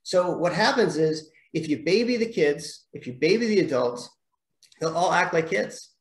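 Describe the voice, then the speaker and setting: Brief: male martial arts instructor, slightly high voice, animated storyteller, roomy echo. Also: normal speed. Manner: animated storyteller, acts out quotes. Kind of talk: casual podcast conversation. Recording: echoey room.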